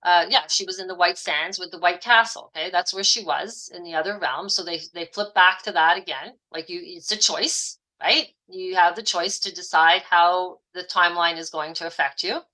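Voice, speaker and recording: A woman's voice: fairly low pitch, steady tone, moderate pace, few pauses, pushed and bright, poor audio. A woman teaching an online class, explaining at length and checking in often with "okay?" and "right?". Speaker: astrology and esoteric teacher.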